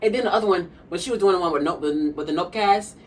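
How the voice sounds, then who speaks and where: A sassy young woman gabbing through a mukbang video, tossing "honey" at her viewers as she rambles from one thought to the next. Her voice sits a little low, and she sounds set back from the mic. A faint hum of the room runs underneath. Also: fast, distant mic, poor audio. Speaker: vlogger. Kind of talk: casual chat while eating.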